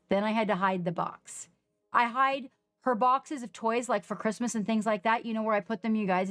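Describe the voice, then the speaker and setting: Casual woman streamer, fairly high-pitched, dry close mic, faint music underneath. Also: dry recording. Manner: chatty storytelling, animated quoted reactions. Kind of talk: casual live-stream chat. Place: home.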